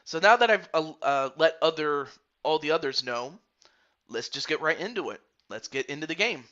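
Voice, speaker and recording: A man's voice: fairly high pitch, animated, moderate pace, pushed and bright, lo-fi sound. A man streaming and commentating a football video game league, casually rambling and greeting viewers by name.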